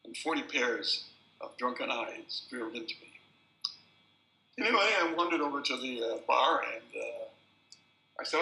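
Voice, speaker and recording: An older man, a film director, telling anecdotes at a festival introduction as a lively storyteller who repeats words at restarts. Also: medium pitch, normal speed, creaky, pauses often. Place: festival screening venue. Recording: roomy hall sound.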